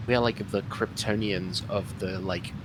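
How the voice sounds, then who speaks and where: A man's voice: low-pitched, moderate pace, background noise. A man hosting a casual podcast chat, asking the questions and spinning joking scenarios. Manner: joking, animated storyteller.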